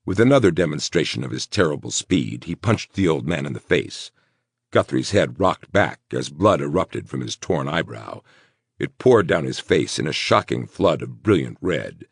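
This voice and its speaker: A man reads a horror novel in a measured, gravelly voice. His pitch sits very low yet moves with lively range, the pace unhurried. The recording is dry and close. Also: no room sound. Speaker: audiobook narrator. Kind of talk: scripted narration.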